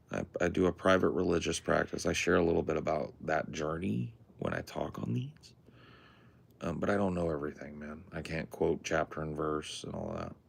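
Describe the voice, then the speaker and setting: Casting: very low, gravelly male podcast co-host; loose, swearing, rambling chat with faint hiss behind. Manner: laid-back, profane, rambling. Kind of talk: casual chat. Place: home in the woods at night.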